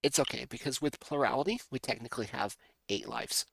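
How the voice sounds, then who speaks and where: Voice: mid-range voice, a little fast, creaky, a bit bright, slightly rough, no room sound. Giggly streamer rambling while drawing, dry close desk mic. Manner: playful, rambling, giggly asides. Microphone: desk microphone.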